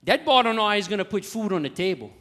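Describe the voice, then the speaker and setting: A man's voice: high-pitched, animated, fast talker, fairly bright tone, pitched above the performer's own voice. A man with a Cajun accent playing a blunt, skeptical old father-in-law questioning his daughter's suitor. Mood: indignant.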